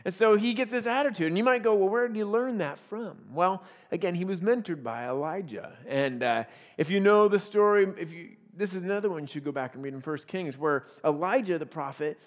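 A man with a high voice delivers a sermon in a playful storytelling way. He acts out quotes from the stories he retells and laughs often between lines. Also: fairly quick, few pauses, big-room sound. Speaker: pastor.

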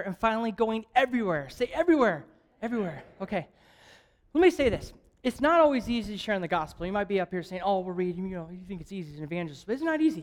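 Guy evangelist preaching at church, animated storyteller, keeps joking and chuckling. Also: high voice. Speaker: guest evangelist. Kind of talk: lively sermon with stories. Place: church service.

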